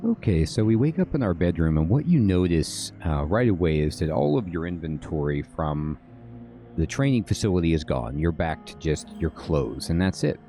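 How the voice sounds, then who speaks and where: A man giving casual gameplay tutorial commentary as a game guide host, relaxed and checking in often with "all right?". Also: low-pitched, moderate pace, faint music behind.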